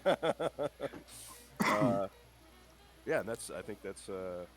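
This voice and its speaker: A man playing a tabletop game, relaxed and casual. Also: lowish voice, drawn-out words, faint music behind. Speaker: player.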